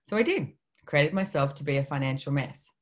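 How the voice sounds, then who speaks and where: Candid low-voiced woman telling stories. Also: brisk. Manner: candid, self-deprecating, animated storytelling. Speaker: author at her book launch. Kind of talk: personal storytelling talk.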